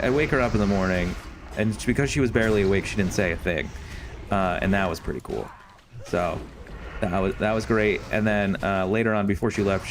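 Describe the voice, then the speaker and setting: A young man tells a meandering story into his headset while he streams from home. His voice sits on the low side and keeps circling back with fillers and restarts. A faint bed of noise runs under it. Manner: rambling, lots of fillers and restarts. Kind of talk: casual storytelling while gaming.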